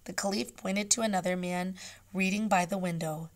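A woman teacher with a lowish voice reads a chapter book aloud to her class at a normal speed. She narrates softly, often whispering, then becomes animated when she puts questions to the class.

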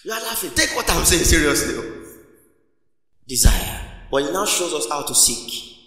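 A man preaching a lively call-and-response sermon to his congregation, stopping for laughter and shouted lines. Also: fairly high pitch, normal speed. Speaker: pastor. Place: church auditorium. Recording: echoey church hall.

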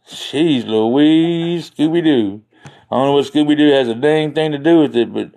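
Livestreaming from home, a man rambles through his chat in a folksy, joking way, easily sidetracked and losing his train of thought. His voice is a little high and creaky with a dark tone, moving at normal speed.

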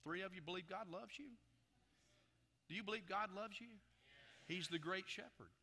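A man preaching a sermon as pastor, with emphatic delivery that swells in loudness and keeps asking the congregation questions. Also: sits high, normal speed. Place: church sanctuary. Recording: long reverb of a church hall.

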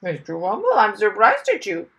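A woman voicing a prim pet parrot that scolds loudly and repeats its reproaches. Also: sits high, huge pitch swings, normal speed, pitched above the performer's own voice, full character voice. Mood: reproachful. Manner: loud reproachful repetition.

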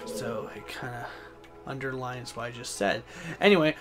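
A young man hosting a let's play, talking casually and swearing loudly at the game. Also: mid-range voice, over music. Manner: loud, profane, quick frustrated outbursts. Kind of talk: casual gameplay commentary.

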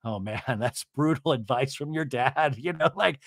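A man hosting a podcast, recapping a reality show in a chatty, animated way and swearing casually. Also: mid-range voice, normal speed, dry recording, clean studio sound. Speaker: podcast host.

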